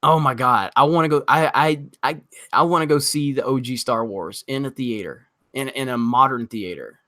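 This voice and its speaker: A man hosting a casual livestream, reading chat and ranting excitably, swearing freely as he talks. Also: mid-range voice, moderate pace, dry recording, studio quality.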